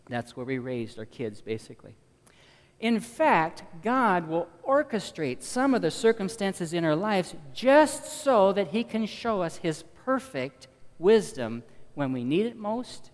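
A middle-aged man preaching a sermon in a folksy, storytelling way, slowing down to stress key lines. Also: fairly high pitch. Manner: folksy, storytelling, slows down for emphasis. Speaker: pastor. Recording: long reverb of a large hall.

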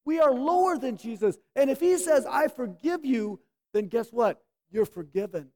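An emphatic preacher delivering a sermon. The voice stretches key words out slowly and then pushes the listeners with pointed rhetorical questions. Its pitch sits in the middle of the usual range. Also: big pitch swings, a little mellow.

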